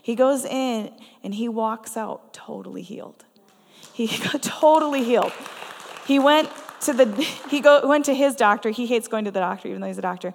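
A woman with a somewhat high voice preaches to a congregation, speaking earnestly and conversationally as she tells personal stories. Her voice carries a long reverb from the church hall. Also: moderate pace, gravelly. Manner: conversational and earnest, with frequent laughs. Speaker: guest preacher. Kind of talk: storytelling sermon. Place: church sanctuary.

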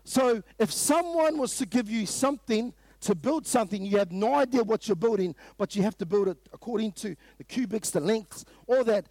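His voice sits high and sounds expressive as this New Zealand man delivers a sermon at a morning prayer meeting at a moderate pace, with few pauses. He's emphatic, repeats rhetorical questions often, and occasionally rises into a loud burst, in a dry recording.

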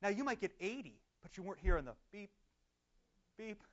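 A man's voice: sits high, sing-song, quick pace. A man leading a church discussion group, chatty and affirming, laughing often, recorded in a dull lo-fi recording. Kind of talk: casual group teaching.

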